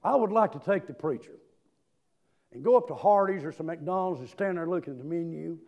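A man preaching a sermon, telling stories and breaking into shouted hallelujahs. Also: a little high, animated, fairly quick, creaky, lo-fi sound. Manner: emphatic storytelling, bursts into shouted hallelujahs.

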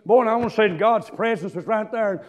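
A man preaching a sermon, telling stories and breaking into shouted hallelujahs. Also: high-pitched, quick pace. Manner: emphatic storytelling, bursts into shouted hallelujahs.

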